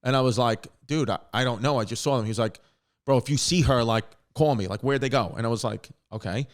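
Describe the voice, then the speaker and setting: A man in his thirties hosting a podcast, telling a story in a rambling, animated way with frequent restarts and swearing. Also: mid-range voice, a little fast. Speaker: podcast host. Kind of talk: casual storytelling.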